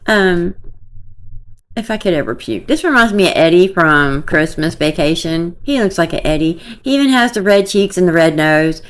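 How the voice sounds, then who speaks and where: A woman's voice: on the low side, lively intonation, a little fast, few pauses. A woman giving casual, opinionated gossip commentary to her viewers, scornful and talking to them directly. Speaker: commentary vlogger.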